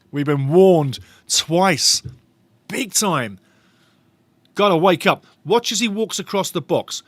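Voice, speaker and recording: A man commentating live as a fan on a watch-along stream, his voice pitched a touch above the usual. He is animated, repeats his phrases and breaks into laughter, recorded close and dry with no room around him. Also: no room sound. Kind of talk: excited live match commentary.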